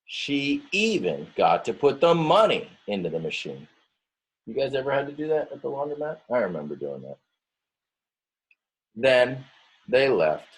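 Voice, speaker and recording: A male teacher reads a picture book aloud to his class, stretching out words, performing the characters' voices, and frequently stopping to explain details. His mid-range, husky voice swings widely in pitch at a normal speed, with long pauses.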